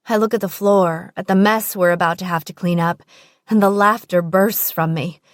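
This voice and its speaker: A woman's voice: mid-range voice, no echo, studio quality. A woman narrating a first-person audiobook in an intimate, present-tense storytelling manner.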